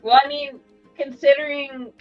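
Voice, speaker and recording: A woman in casual chat, reacting with laughs in an unhurried way. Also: high-pitched, level tone. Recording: dull lo-fi sound with faint music.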